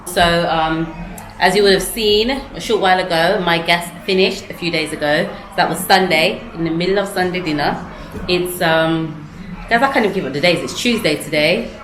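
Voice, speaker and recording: Woman venting in her kitchen vlog, kinda low voice, lots of noise behind. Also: moderate pace, fairly bright tone. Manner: chatty, ranting, exasperated. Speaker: vlogger. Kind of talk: casual vlog chat. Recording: noisy home recording.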